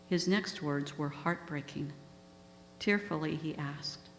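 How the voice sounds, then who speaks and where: Woman guest speaker, low voice, earnest storyteller, hall reverb. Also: slow pace. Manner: earnest, emotional retelling. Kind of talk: storytelling talk. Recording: echoey hall with faint hum.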